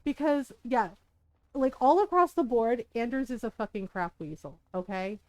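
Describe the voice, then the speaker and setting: A woman's voice: a little high, sing-song, normal speed, no room sound. A woman game streamer in casual livestream chat, ranting heatedly, swearing often and breaking into laughs.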